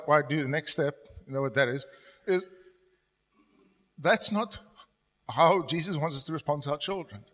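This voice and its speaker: A middle-aged man preaching a sermon as pastor, telling stories and dropping to a soft, confessional tone when he quotes himself. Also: fairly high pitch. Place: church hall. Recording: long church hall reverb.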